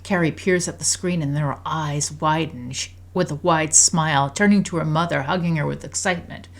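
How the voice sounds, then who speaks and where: A woman with a fairly low voice reads a story aloud in a calm, even way. Her narration is scripted and unhurried, steady from line to line. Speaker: storyteller narrating a life-sim game story.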